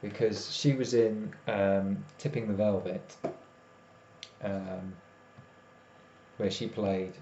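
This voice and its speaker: A man's voice: on the low side, flat delivery, slow, pauses often. Tired rambling man streaming. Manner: rambling, self-interrupting, chats with viewers. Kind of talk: casual live-stream chat. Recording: echoey room, dull lo-fi sound, faint noise.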